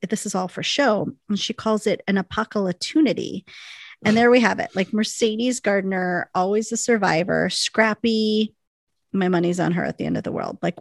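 A woman with a gravelly, fry-laden voice chats through a TV recap for a podcast. She keeps it loose, laughing often and filling her sentences with "like." The recording is dry and close, with no room sound. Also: medium pitch, no room sound. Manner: chatty, laughs often, peppers speech with "like". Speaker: podcast co-host recapping a TV episode. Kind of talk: casual chat.

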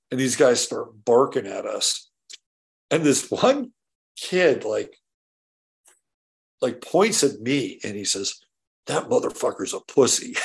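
A man's voice: mid-range voice, vocal fry. A man hosting his own show, telling a rambling story with lots of restarts, casual swearing and "right?" tags. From California. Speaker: show host. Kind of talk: casual solo monologue.

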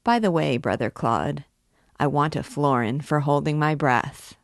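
A woman's voice: low-pitched, unhurried, no echo, studio quality. Reckless young student, read by a woman, flippant and mocking. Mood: cheeky. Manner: cheeky, mocking.

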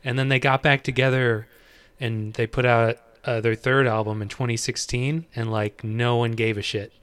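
A man appearing as a guest on a music podcast, telling a story in a relaxed, wry way. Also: mid-range voice, moderate pace, smooth, no room sound. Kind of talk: casual chat about music.

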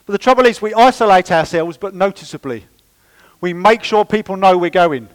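A man preaching a sermon in church, lively and conversational with playful asides. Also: a little high, moderate pace, rough recording. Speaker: pastor.

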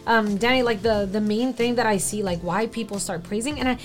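A woman's voice: mid-range voice, faint music behind. A woman co-hosting a casual faith discussion, chatty and full of "like", apologizing for talking too much. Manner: chatty, fast, lots of "like", self-deprecating. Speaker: co-host.

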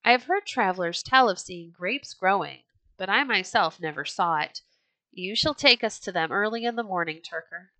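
A woman's voice: medium pitch, normal speed, pushed and bright, dry recording, lightly acted. A woman reading the part of Leif, a bold young Norse leader, in a storybook. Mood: firm. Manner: firm and earnest storybook delivery.

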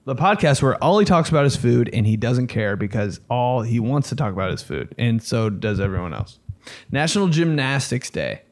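Profane, rambling young male podcast host. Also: mid-range voice. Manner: rambling, profane, animated riffing. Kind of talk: casual comedic monologue.

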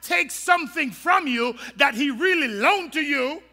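A male pastor preaches with lively humor in plain, colloquial talk. His voice sits very high and sounds intensely bright and sharp, with a gravelly rasp. A long reverb trails behind it in a church sanctuary. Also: measured pace, faint music behind. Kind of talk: sermon. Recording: long reverb of a large hall.

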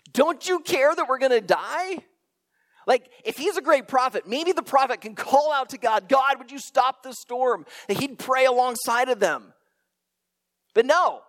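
A man preaching a sermon, telling stories dramatically and dropping to hushed near-whispers for emphasis. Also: a little high. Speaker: pastor.

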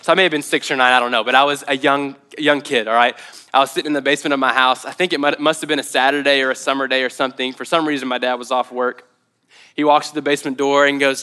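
Bright-voiced young pastor telling a story. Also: male voice, medium pitch, fast talker, clean tone. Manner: storytelling, animated and conversational. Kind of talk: sermon. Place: church.

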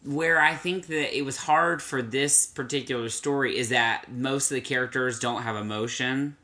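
A young adult man co-hosting a casual movie chat, animated and acting out his own reactions. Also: medium pitch, moderate pace. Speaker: podcast co-host.

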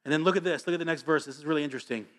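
A man preaching a sermon as pastor, energetic and joking, reading scripture aloud between stories. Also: fairly high pitch, racing.

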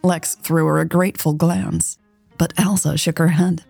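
A woman narrating a romance story in a steady, scripted way. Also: deep voice, moderate pace, gravelly, breathy edge, dry recording, faint music behind. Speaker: audiobook narrator.

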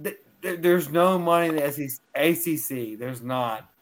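A man's voice: on the high side, moderate pace. A man co-hosting a casual sports podcast, fired up and argumentative, talking over the others.

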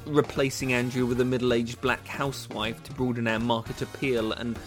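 British man, podcast co-host, understated, middle pitch, faint music. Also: little pitch movement, normal speed. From Britain. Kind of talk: comedy sketch and casual podcast chat.

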